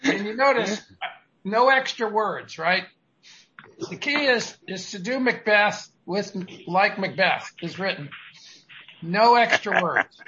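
A man coaching his team on their pitch in a meeting, talking in an emphatic, repetitive, upbeat way. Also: lively intonation, slow, highs cut off, noisy background. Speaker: sales coach.

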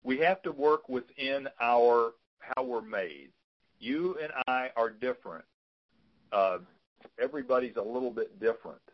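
A man's voice: medium pitch, animated, measured pace, lo-fi sound. A man coaching a client on a call, giving frank, fatherly advice and often repeating words as he talks. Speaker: business consultant.

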